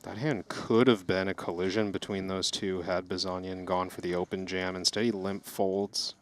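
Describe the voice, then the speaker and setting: A man co-commentating a poker tournament, breaking down the hands in a measured, analytical way. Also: sits low, level tone, slight background noise.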